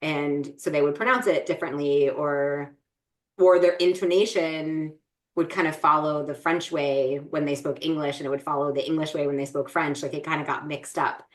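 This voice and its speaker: A woman's voice: low-pitched, steady tone, normal speed. A middle-aged woman co-hosting a podcast, chatting casually with lots of fillers and restarts. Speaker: podcast co-host. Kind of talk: casual chat.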